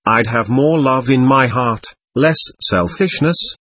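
Man playing an ashamed ghost guy, quiet and sorry, kinda husky. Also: mid-range voice, slow pace, dry recording. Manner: subdued, remorseful.

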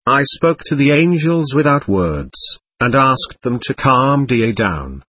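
Casting: a male audiobook narrator, husky, lively pitch, earnest memoir reading. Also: no room sound. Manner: earnest, measured storytelling.

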